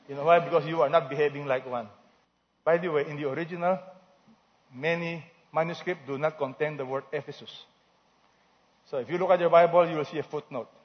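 A man preaching a sermon as pastor, asking the congregation questions and having them answer back. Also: high voice. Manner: call-and-response preaching, asks the congregation questions. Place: church hall. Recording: dull lo-fi recording in a reverberant church hall.

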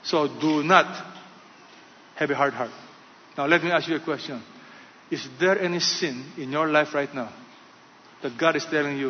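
A man delivers a sermon with a fairly high voice, speaking in short, emphatic phrases that swing from loud to hushed. The sound is a little dull and carries a long hall reverb. A faint background hum sits under his voice. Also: normal speed, pauses often. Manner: preaching in short phrases, shifting between loud and soft. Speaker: pastor.

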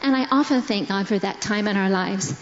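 Slow, earnest woman in an echoey hall. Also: mid-range voice, a little hiss or hum. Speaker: pastor's wife sharing testimony. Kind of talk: personal testimony in church. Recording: echoey hall, dull sound.

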